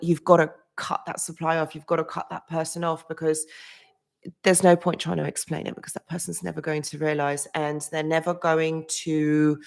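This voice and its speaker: A woman hosting a psychology live stream, chatting casually, greeting viewers by name, and leaning on "literally" and "like". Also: fairly low pitch. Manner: loose, with frequent restarts and small laughs. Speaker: psychology channel host.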